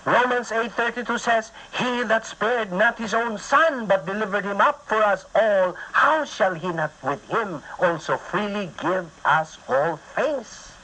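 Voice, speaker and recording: A man's voice: sits high, measured pace, few pauses, bright, forceful tone, rough recording. A man with a Filipino accent teaching a Bible study as an emphatic sermon, mixing English and Visayan and asking his listeners questions.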